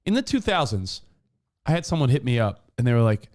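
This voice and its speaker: A man co-hosting a talk show, telling stories in a profane, animated way. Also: medium pitch, a little fast. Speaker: radio show co-host. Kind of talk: casual talk-show banter.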